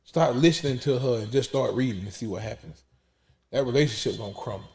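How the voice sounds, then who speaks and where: A man in his 40s testifies in an emphatic preaching style, repeating words and dropping almost to a whisper when emotion takes over. His voice is medium-pitched, fast, and darkish in tone.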